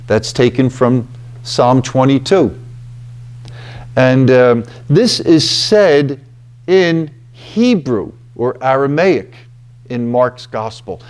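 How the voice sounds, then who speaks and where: A man giving a reflective scripture talk at a retreat house, deliberate and emphatic, often checking in with "okay" and "you know.". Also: medium pitch, lively intonation, a little mellow.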